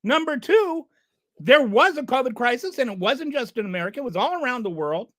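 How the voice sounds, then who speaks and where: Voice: sits high, very animated, fairly quick, fairly bright tone, dry recording. A channel host giving an exasperated, sarcastic rant of political commentary.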